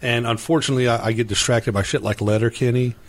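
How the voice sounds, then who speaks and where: A man's voice: mid-range voice, fairly even intonation, fast, a little hiss or hum. A man co-hosting a paranormal podcast, rambling casually and swearing now and then. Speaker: podcast co-host. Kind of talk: casual chat.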